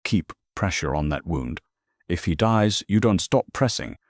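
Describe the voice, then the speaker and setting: Male narrator doing a steely frontier woman: cold, measured, dry close sound. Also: deep voice, animated, no room sound. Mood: calm deadly. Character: steely young frontier woman, calm and deadly.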